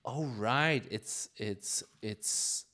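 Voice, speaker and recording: A man talks slowly in a low voice while he codes live, thinking aloud and circling back on his sentences. He keeps it loose and conversational, full of fillers and trailing restarts. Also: pushed and bright. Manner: reads chat questions aloud. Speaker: live-coding streamer. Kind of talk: casual live-coding chat.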